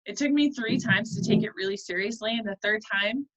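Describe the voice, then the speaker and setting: A woman's voice: mid-range voice, brisk, a bit bright. A woman in her thirties hosting a mastermind call, earnest and chatty, with lots of ums and uhs. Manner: earnest and chatty, with many fillers. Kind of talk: casual motivational talk. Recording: slightly dull, lo-fi call audio.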